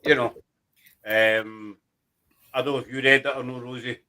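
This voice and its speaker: A man hosting a chat show, explaining things in a rambling, halting way. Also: mid-range voice, steady tone, bright, forceful tone. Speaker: host. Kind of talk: casual chat.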